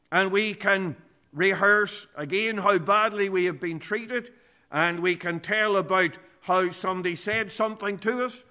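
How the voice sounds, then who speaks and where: A man's voice: high-pitched, sharp tone. A man preaching a sermon, earnest and emphatic, quoting scripture word for word.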